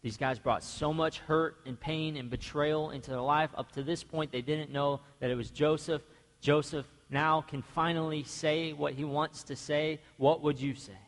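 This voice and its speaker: A pastor preaches in a church sanctuary, his fairly high voice steady in tone and normal in speed, the room adding long reverb. With passion, he acts out the biblical figures in his story.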